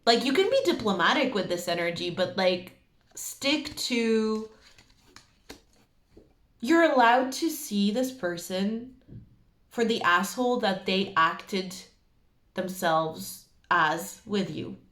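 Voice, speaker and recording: A woman gives a casual tarot reading straight to the camera, her voice sitting at a middle pitch. She talks in a chatty, emphatic way and leans on fillers as she goes. The room around her gives a clear, roomy echo. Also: animated, slow pace, long pauses, a bit bright. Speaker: tarot reader.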